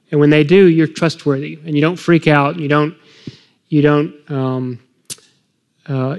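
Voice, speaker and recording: Man, middle-aged, earnest, emotional, faith-based parenting talk, fairly high pitch. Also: long reverb tail. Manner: earnest, emotional, acts out parent-child dialogue. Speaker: guest speaker on parenting.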